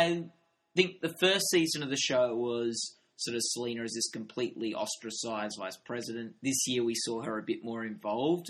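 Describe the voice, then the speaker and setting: A man's voice: medium pitch, fairly bright tone. A young man co-hosting a TV review podcast, chatting casually and thinking aloud with fillers. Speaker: podcast co-host.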